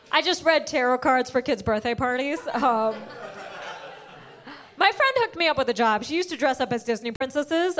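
A young woman doing a stand-up comedy set, brash and animated, acting out the people in her stories. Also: high voice. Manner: brash, animated storytelling with voiced asides.

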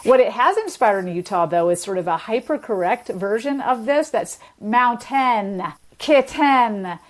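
A woman speaking as a linguist guest, walking through technical points in a fluent, lecturing manner. Her voice sits at a middle pitch for a woman. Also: very animated, brisk, darkish tone. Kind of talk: explanatory interview talk.

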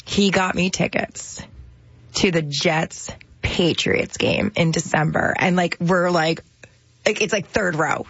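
A woman's voice: on the low side, takes it slowly, gravelly, fairly bright tone, husky, dry recording, muffled recording. A woman from New Jersey, co-hosting a radio show, telling a story in chatty casual banter with many fillers.

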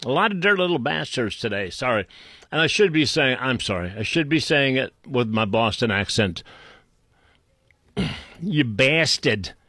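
A man's voice: a little high, fairly bright tone, no echo. Scornful man ranting into a dry mic. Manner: scornful, insulting, rambling with restarts. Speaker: political commentator. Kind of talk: unscripted political rant.

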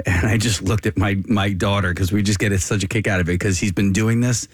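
A man's voice: fairly low pitch, fast talker, hardly any pauses, dry recording. Chatty middle-aged man telling a family story. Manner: animated, chatty anecdote-telling. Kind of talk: casual studio chat.

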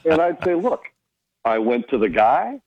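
A man telling hockey broadcasting stories in casual radio chat, slipping into little imitations of the people he quotes. His voice sits at an ordinary middle pitch. The sound is dry and a bit dull, like a radio broadcast. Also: sing-song, normal speed, husky, no room sound. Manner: storytelling, mimics others' voices in quotes.

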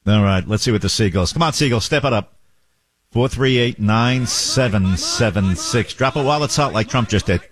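A man with a fairly low voice hosts a talk radio show, making sardonic remarks, doing quick mock impressions and reading out listener texts. The recording has no echo.

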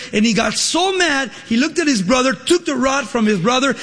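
A man delivers a lively sermon in a high voice. He acts out the people in his story, climbing in pitch when they speak. The sound carries a long reverb from a large hall. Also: moderate pace, hardly any pauses. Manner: animated, acts out dialogue with rising pitch. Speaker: preacher.

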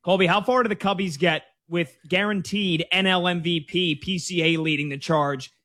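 A man with a fairly high voice hosts a sports betting radio show. He plugs his guest in a breezy, joking way. The sound is dry and close to the mic. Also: fairly even intonation, moderate pace, sharp tone, dry recording. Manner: breezy, jokey plugging and questions.

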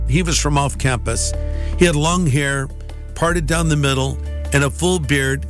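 A pastor telling his personal testimony in an animated way, acting out the dialogue. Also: fairly high pitch.

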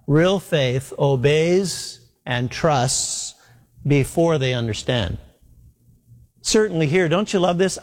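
Male preacher, fairly high voice, earnest sermon delivery, long hall reverb. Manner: earnest, emphatic, repeats key points slowly.

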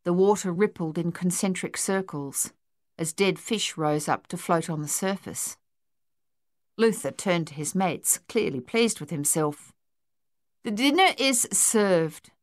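Woman narrator, lowish voice, audiobook reading, dry close mic. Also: a little slow, no echo.

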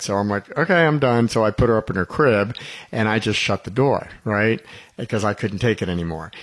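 Middle-aged guy hosting a radio talk show, kinda low voice, rambly, laughs a lot. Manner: rambling storyteller, chuckles often. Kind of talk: casual on-air conversation.

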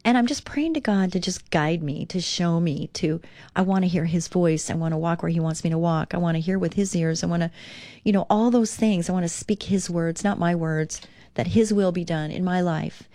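A woman's voice: on the low side, normal speed, warm tone, dry recording. A woman hosting a devotional talk radio show, reading aloud and speaking in an earnest, encouraging, conversational way.

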